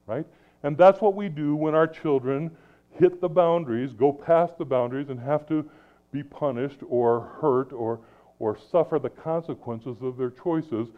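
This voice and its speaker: Animated preacher man, tinny phone-like sound. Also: on the high side, measured pace. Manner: animated, swings between loud emphasis and soft asides. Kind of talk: sermon.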